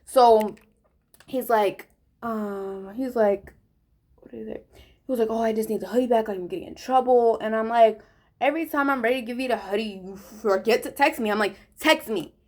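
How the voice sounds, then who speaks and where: A teenage girl chats her way through a story time while doing her makeup. Her voice sits a little high, and she talks in an animated, slangy way. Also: normal speed. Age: teens. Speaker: vlogger. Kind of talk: casual story time during a makeup tutorial.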